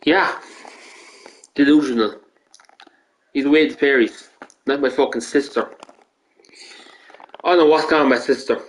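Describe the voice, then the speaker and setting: A man's voice: medium pitch, normal speed, long pauses, low-quality recording. An Irish man streaming games and ranting casually, rambling, swearing often and restarting his sentences. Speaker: gaming streamer.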